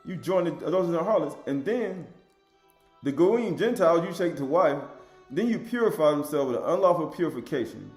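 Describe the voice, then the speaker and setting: A man giving an informal sermon, reading scripture in a raised voice and then commenting in a lower, emphatic, repetitive way. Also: lively intonation, a little fast, echoey room, soft background music. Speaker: religious lecturer.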